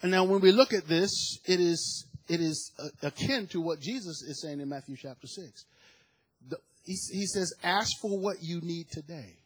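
Male preacher, middle-aged, high-pitched and husky, lively sermon delivery with bursts of shouting. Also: moderate pace. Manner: animated, rising to shouts of praise, acts out quoted voices.

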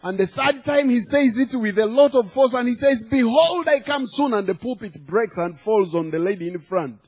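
A man's voice: high voice, moderate pace, darkish tone, breathy edge. A man preaching a sermon, telling a humorous story and acting out the quoted lines. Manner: storytelling with acted quotes and laughter.

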